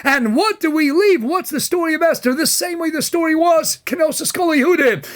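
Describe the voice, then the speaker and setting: A man, a rabbi, giving a Torah lecture in an impassioned style, often raising his voice to a shout and acting out quoted voices. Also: very high voice, fairly quick.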